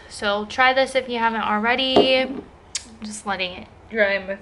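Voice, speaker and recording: A woman's voice: on the high side, fairly even intonation, moderate pace, long pauses, very noisy. A young woman casually unboxing beauty products for her viewers, chatting to them as guys. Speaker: beauty vlogger.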